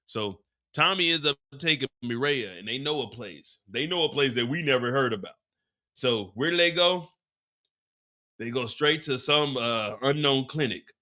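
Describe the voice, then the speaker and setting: A man hosting a casual show, lively and slangy as he retells an episode and acts out the scenes. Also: mid-range voice, normal speed. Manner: lively storytelling, slangy, sound effects. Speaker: show host recapping an episode. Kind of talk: animated casual recap, acting out scenes.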